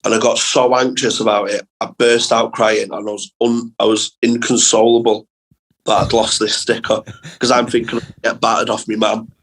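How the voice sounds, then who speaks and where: Young comedian from England, casual sweary storyteller, lively and quick to laugh. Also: male voice, fairly low pitch, breathy edge, low-quality recording. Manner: sweary, animated anecdotes with laughs. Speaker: comedian guest.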